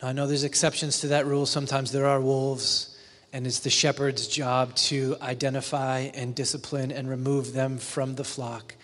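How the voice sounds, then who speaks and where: Conversational pastor preaching in a reverberant hall. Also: male voice, mid-range voice, flat delivery, moderate pace, fairly bright tone. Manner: conversational, asks the congregation questions, acts out silly quotes. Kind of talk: sermon. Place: church hall with long reverb.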